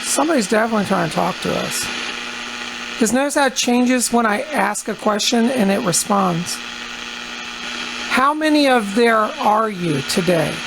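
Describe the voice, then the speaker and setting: A woman with a slightly high voice acts as a psychic medium, leading a radio seance. She coaxes and questions unseen presences, repeating her prompts patiently. A clear electrical mains hum and static run beneath her voice throughout. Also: animated, moderate pace.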